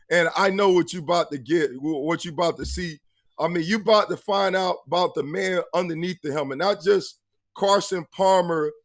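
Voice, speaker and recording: A male talk show host telling stories and asking questions in a lively, slangy way. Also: high voice. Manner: animated storyteller, slangy. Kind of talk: casual sports talk show hosting.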